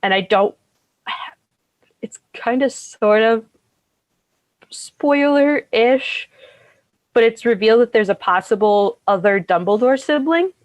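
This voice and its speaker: A young woman co-hosts a podcast in a relaxed, chatty way, often pausing on ums and likes. Her voice sits at a middle pitch. The sound is dry and close, with no room around it. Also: no room sound. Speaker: podcast co-host. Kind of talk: casual chat.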